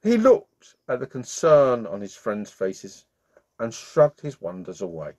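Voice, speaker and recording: A man's voice: mid-range voice, huge pitch swings, a little slow. A man reading a bedtime story aloud to children in a playful, friendly way as the channel's storyteller. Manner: warm-hearted, playful, sings along.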